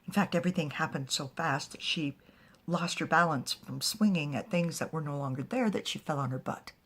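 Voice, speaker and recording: Woman, storyteller, whispered storytelling, breathy, low voice. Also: brisk, a bit bright.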